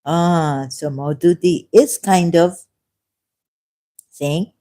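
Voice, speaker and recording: A woman speaks unscripted on her livestream in a low, mellow voice. She talks slowly and haltingly. She often breaks off to correct herself and laughs along the way. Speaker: livestream host.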